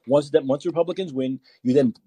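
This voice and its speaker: Husky older man ranting sarcastically. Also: fairly high pitch, a little fast, dark tone, no echo. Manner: sarcastic, exasperated, repeats himself. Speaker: podcast host. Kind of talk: political call-in podcast rant.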